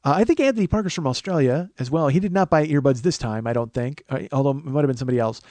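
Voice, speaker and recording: A man's voice: mid-range voice, rapid-fire, mellow, dry recording. A man in his forties hosting a comedy podcast, rambling, self-mocking and crude in casual chat. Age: 40s. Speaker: podcast host.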